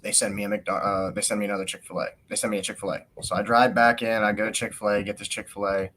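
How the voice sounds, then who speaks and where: A man with a fairly low voice tells a story on a podcast. His rant is animated and full of swearing, and he acts out the lines of the people in it. A faint hum sits under the recording. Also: fast talker. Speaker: podcast host. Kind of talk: casual storytelling.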